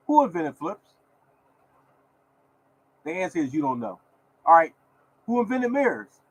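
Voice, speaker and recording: A man's voice: on the high side, very animated, unhurried, breathy edge, rough recording. A man hosting his own lottery podcast, talking in a repetitive, preachy way and scolding his listeners. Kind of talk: casual podcast rant.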